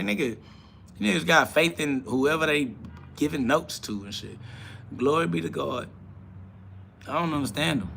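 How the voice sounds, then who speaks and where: A man's voice: on the high side, gravelly, sharp tone, slightly rough. A man hosting a live stream, ranting combatively and profanely while answering chat comments.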